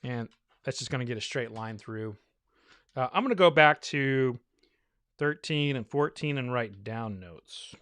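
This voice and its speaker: Man, casual rambling host, thinking aloud, a little winded, smooth clear voice, dry close sound. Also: mid-range voice, animated, a little slow, a bit bright, no room sound. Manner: rambling, loose, thinking aloud with many fillers. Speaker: bourbon reviewer hosting a blind tasting. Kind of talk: casual live tasting chat.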